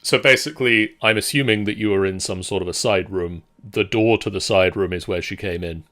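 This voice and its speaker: A man's voice: lowish voice, a little fast, a bit bright. A man narrating as game master in a tabletop game, describing scenes plainly. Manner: plain, matter-of-fact narration.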